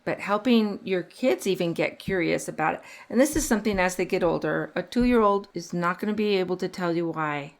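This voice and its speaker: Earnest woman hosting a parenting podcast. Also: lowish voice. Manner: earnest, animated when telling stories. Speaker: podcast host. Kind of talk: casual parenting podcast chat.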